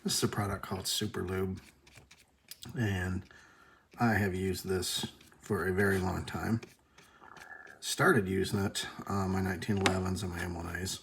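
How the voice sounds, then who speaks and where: A man with a low, gravelly voice talks casually at his workbench. He makes dry, self-deprecating asides and mutters to himself as he works. There is a faint hiss behind him. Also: little pitch movement, slow pace, pauses often, a bit bright. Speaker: host.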